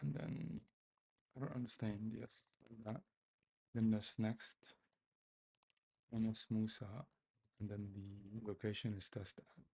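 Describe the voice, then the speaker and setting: Gravelly-voiced man muttering while coding. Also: on the low side, flat delivery, slow, pauses often, mellow. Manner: mutters to himself, self-mocking, repeats phrases. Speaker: developer streaming his coding. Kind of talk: casual live-coding commentary.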